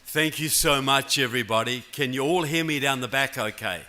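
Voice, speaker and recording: Bright-voiced New Zealand man giving a speech. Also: medium pitch, fairly quick. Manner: folksy, checks in with the crowd. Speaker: keynote speaker. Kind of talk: political convention speech. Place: large conference hall. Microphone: handheld or podium mic.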